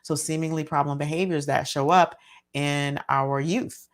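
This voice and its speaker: A woman's voice: sits low, steady tone, moderate pace. A middle-aged woman, a physician and parenting speaker, explaining a behavior model in a casual teaching talk. She works through her points step by step, with plenty of fillers.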